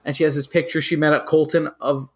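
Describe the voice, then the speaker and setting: A young man with a slightly higher voice co-hosts a casual podcast chat. He jokes around and uses slang. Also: flat delivery, quick pace, husky. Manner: joking, slangy, mocking impressions. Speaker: podcast co-host.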